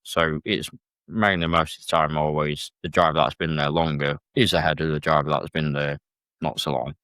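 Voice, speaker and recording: Deep-voiced man chatting casually. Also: little pitch movement, moderate pace, fairly bright tone, no room sound. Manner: plain-spoken, hesitant, with fillers. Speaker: guest presenter. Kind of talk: casual podcast chat.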